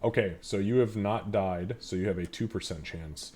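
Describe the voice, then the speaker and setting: Low-voiced man running a tabletop game. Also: darkish tone, husky. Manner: measured narration with fillers. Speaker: game master. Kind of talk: narrating a live tabletop game.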